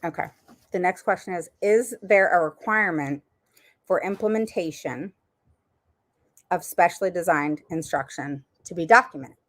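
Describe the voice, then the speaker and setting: A woman's voice: lowish voice, moderate pace. Casting note: woman host, parent advocate, emphatic and repetitive, casual livestream advice. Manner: emphatic, repeats words for stress.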